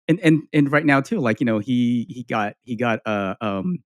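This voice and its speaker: A man's voice: medium pitch, expressive, normal speed, dry recording. A man hosting a podcast, asking questions and chatting in a loose, casual way. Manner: chatty, loose, many fillers. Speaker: podcast host. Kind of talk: casual interview chat.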